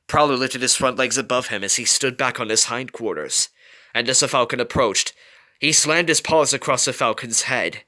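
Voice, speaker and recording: A man's voice: medium pitch, sharp tone. A man reading a fan story aloud, telling it dramatically with small slips. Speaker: reader.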